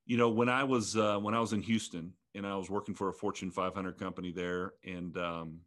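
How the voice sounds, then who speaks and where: A man in his fifties, a ministry leader, telling a personal testimony in an earnest, reflective way, often halting and restarting. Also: low-pitched, fairly even intonation, a bit bright.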